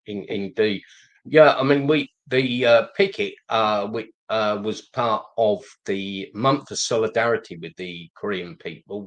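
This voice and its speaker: Slow-speaking low-voiced male host. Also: low-quality recording. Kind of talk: livestream discussion.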